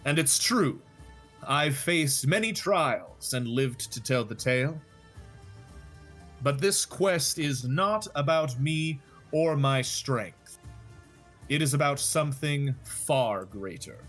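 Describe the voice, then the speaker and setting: A man's voice: mid-range voice, expressive, slow, a bit bright, soft background music. A man voicing a mighty, humble hero giving a rousing speech to a crowd. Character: heroic strong male demigod, humble and inspiring.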